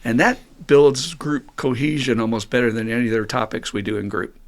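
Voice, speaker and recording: A man's voice: mid-range voice, fairly quick. A middle-aged man hosting a recovery podcast, talking in an earnest, musing monologue and acting out the voices he quotes. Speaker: podcast host and recovery group counselor.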